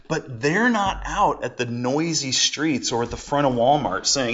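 Male Bible teacher, casual lesson, rhetorical questions, animated delivery, dull lo-fi audio. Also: on the high side, normal speed, hardly any pauses. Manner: conversational, with rhetorical questions and everyday examples. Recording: dull lo-fi recording.

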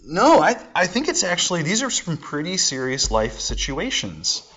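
Lively, conversational male Bible teacher. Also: a little high, moderate pace, slightly rough. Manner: conversational, with rhetorical questions and everyday examples. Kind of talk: casual Bible lesson. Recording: dull lo-fi recording.

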